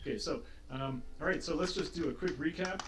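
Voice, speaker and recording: Before getting to the recap, a man running a streamed tabletop game talks loosely, restarting often and leaning on fillers. He speaks a little high and a little fast, and the online call is noisy with keyboard clicks.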